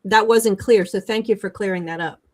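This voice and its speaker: A woman's voice: mid-range voice, moderate pace. A woman co-hosting a podcast who chats casually and asks curious questions. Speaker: podcast co-host. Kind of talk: casual chat.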